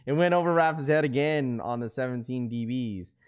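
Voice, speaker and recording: A young man hosting a casual live stream, reading viewer comments aloud and bantering back in slangy talk, climbing loud and high when he gets worked up. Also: fairly quick, clear, resonant tone, dull audio. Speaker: livestream host.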